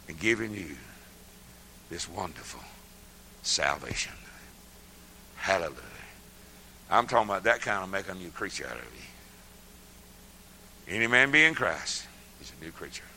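An older man preaching a sermon, folksy and laughing often, swinging from hushed murmurs to loud shouts. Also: deep voice, poor audio.

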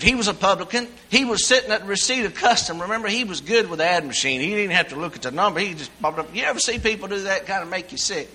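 High, bright-voiced male preacher. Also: rough recording. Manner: folksy, animated preaching with swings from loud to hushed. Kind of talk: sermon.

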